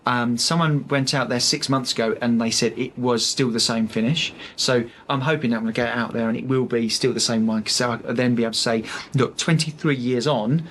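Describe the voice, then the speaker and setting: A man talks as a podcast guest, chatty and full of stories, with lots of "um"s and false starts as he explains a product he sells. His voice sits at a middle pitch. A faint hiss sits under the recording. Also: steady tone, fairly quick, hardly any pauses, fairly bright tone. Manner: chatty storyteller, many fillers and restarts. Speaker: sales rep for architectural film, podcast guest. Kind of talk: casual podcast interview.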